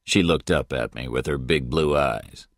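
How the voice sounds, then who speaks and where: A man narrating a detective story in the first person, measured and steady, as a scripted audiobook read. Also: very deep voice, no room sound, clean studio sound.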